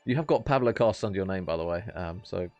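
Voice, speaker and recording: Gravelly, low-voiced esports caster. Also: male voice, darkish tone, no echo. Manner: laid-back, jokey, chatty. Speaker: esports caster and stream host. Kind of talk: relaxed live casting and banter.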